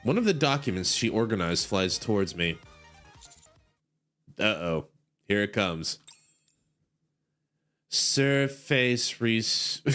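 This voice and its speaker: A man's voice: on the low side, fairly bright tone. A man streaming, casually reading a game story aloud, giggling, rambling and stumbling over words.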